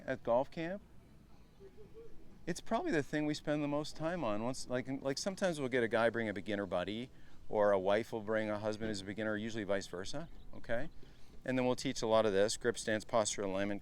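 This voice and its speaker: A middle-aged man runs a live golf clinic, speaking with a smooth, resonant voice at a mid pitch. He is chatty and energetic, often turning to the group as "guys". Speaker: golf instructor.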